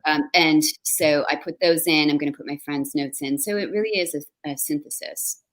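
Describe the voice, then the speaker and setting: A woman's voice: sits low, fairly even intonation, moderate pace, rough recording. A woman author chatting animatedly on a writers' conference panel. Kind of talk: casual panel conversation.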